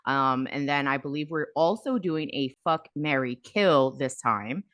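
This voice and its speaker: A woman's voice: very deep voice, animated, a little slow, fairly bright tone, no echo, studio quality. A woman co-hosting a casual book podcast, chatty and loose, with a bit of swearing. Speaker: podcast co-host. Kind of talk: casual chat.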